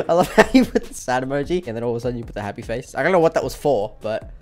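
A man's voice: mid-range voice, huge pitch swings, fast talker, soft background music. A young man chatting casually with friends over a game, laughing and teasing, swearing freely. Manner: giggly, teasing, swears a lot. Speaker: gaming channel host. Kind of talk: casual gaming chat with friends.

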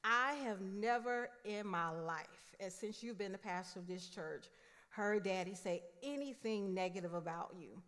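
A young woman giving a eulogy for her father in a church, telling a funny family story with warmth and humour. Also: medium pitch. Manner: warm, humorous storytelling. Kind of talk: funeral tribute storytelling. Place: large church sanctuary. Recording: reverberant church hall.

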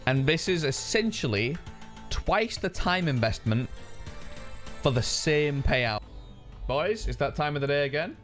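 A man chatting casually and swearing excitably while streaming a video game. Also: a little high, unhurried, pauses often, faint music behind. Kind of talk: casual gaming stream chat.

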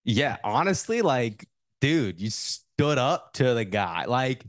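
A man's voice: medium pitch, very animated, slow pace, no room sound, clean studio sound. A man as a podcast guest, chatting casually in a laid-back, rambling way full of "like".

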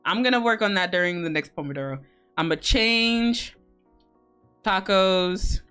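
A woman's voice: mid-range voice, lively intonation, unhurried, sharp tone, clear, resonant tone, faint music behind. A woman streamer hosting a co-working stream, chatting casually with viewers in a teasing, profane, giggly way.

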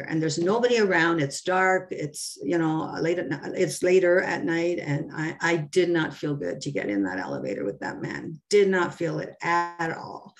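A woman preaching on a video call, telling personal testimonies in a rambling, conversational way with many fillers and restarts. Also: lowish voice. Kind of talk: testimony in an online sermon.

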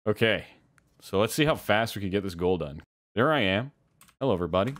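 A man's voice: lowish voice, lively intonation, brisk, a bit bright, no echo, studio quality. A man streaming a virtual reality game, joking and self-mocking as he comments.

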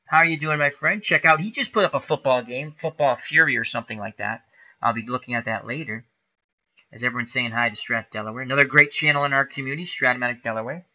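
A man hosting a live stream of a tabletop football game, calling each dice roll in casual play-by-play and getting excited at big plays. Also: medium pitch, quick pace, highs cut off.

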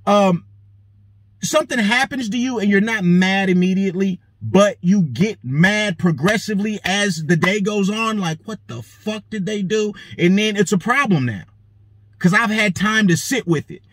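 The host here is a man whose voice is high-pitched, moving at ordinary speed through a swear-filled story on his show. He's lively and acts out what the people in it said. Dry recording.

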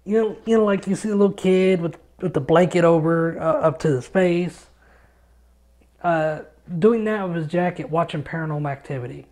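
A man co-hosting a podcast from his home studio, telling stories in a casual, excitable way and swearing often. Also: on the high side, moderate pace. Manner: excitable storyteller, swears a lot. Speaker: podcast co-host.

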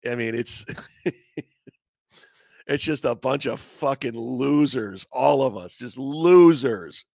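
A man hosting a comedy podcast, telling a profane, animated story in a casual way and acting out the voices of others. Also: mid-range voice, takes it slowly, vocal fry, no echo.

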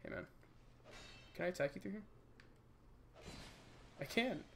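A man's voice: sits high, animated, unhurried, fairly bright tone, a little hiss or hum. A man giving casual let's-play commentary, joking and rambling and talking to the enemies on screen. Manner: jokey, rambling, talks to game enemies. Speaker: gaming channel host.

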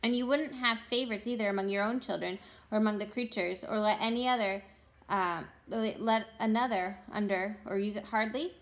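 A woman voicing a solemn, kind lion king in a storybook read-aloud, speaking in slow, grave questions. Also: medium pitch, fairly bright tone, close to an everyday voice.

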